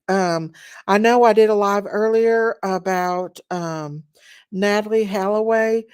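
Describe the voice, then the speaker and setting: A woman hosting a casual livestream, greeting viewers by name in drawn-out, sing-song hellos. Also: mid-range voice, steady tone, a little mellow, clear, resonant tone. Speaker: livestream host.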